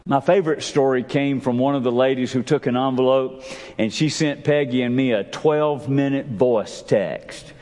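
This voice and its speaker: A man preaching a sermon as pastor, emphatic, with big swings in pitch and pace. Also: moderate pace, a little mellow. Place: church sanctuary. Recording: long reverb of a church sanctuary.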